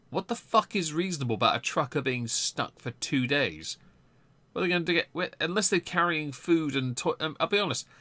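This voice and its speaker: A man's voice: medium pitch, sharp tone, no room sound. A man hosting a political live stream, giving casual commentary with lots of ums and blunt swearing.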